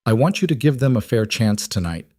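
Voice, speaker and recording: Storybook role: man putting on an imperious older queen mother, brisk and insistent, pitched up, dry sound. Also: very animated, warm tone, dry recording. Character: commanding older queen mother, sharp and immovable.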